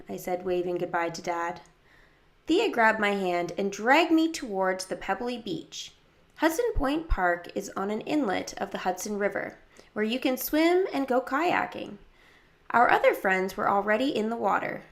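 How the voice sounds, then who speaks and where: Woman, mid pitch, slightly gravelly, first-person audiobook narration, lively character voices. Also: moderate pace. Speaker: audiobook reader.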